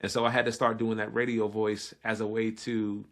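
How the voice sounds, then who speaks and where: A man from Brooklyn with a New York accent, talking fast and energetically as a guest chef on a casual podcast. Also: lowish voice, little pitch movement, fairly bright tone.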